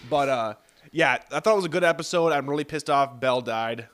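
A young man co-hosting a casual chat about a TV show, excitable and profane, often jumping into quoted voices. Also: mid-range voice, brisk, faint music behind. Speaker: podcast co-host.

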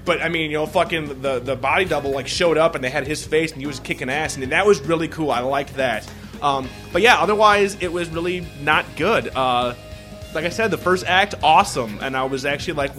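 A man in casual podcast chat, reviewing a film in a rambling, excitable way, swearing heavily and full of filler words. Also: a little high, a little fast, soft background music. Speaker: podcast co-host reviewing a movie.

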